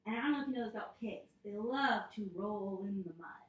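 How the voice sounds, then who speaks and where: A woman leading a children's yoga storytime, speaking gently and encouragingly and making animal sounds. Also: medium pitch, fast, far from the mic, dull audio. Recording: echoey room.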